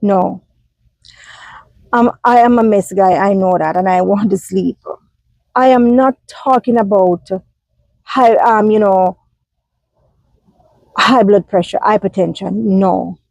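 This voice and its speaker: A woman's voice: mid-range voice, steady tone, takes it slowly, gravelly, long pauses, a little mellow, no room sound, low-quality recording. A Jamaican woman vlogging from inside a car, phone held in her hand, talking emphatically with lots of fillers and repeats. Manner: emphatic, repetitive, many fillers. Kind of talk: casual vlog talk.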